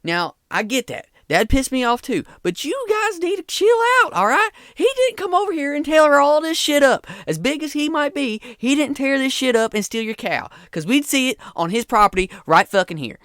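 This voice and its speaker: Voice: sits high, sing-song, rapid-fire, few pauses, no echo, clean studio sound, pitched above the performer's own voice. A game master voicing a scrawny, exasperated man who breaks up fights and swears while he scolds. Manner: loud, profane, scolding. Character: scrawny exasperated male farmhand peacemaker.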